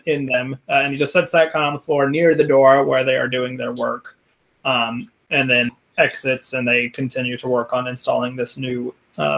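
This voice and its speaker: A man narrating as game master of a tabletop game, halting with many ums and restarts. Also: medium pitch, vocal fry, fairly bright tone, poor audio.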